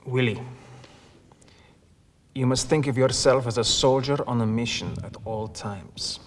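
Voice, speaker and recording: An actor gives voice to a stern Soviet intelligence recruiter in a period drama. He speaks formally and deliberately, like a commander giving orders. His voice rings with a long room reverb. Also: mid-range voice, natural voice. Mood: commanding.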